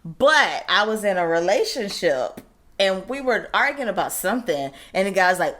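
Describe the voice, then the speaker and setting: A woman's voice: mid-range voice, normal speed. A woman co-hosting a podcast, telling stories in casual chat with laughing asides. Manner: animated storytelling, laughing asides. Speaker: podcast co-host.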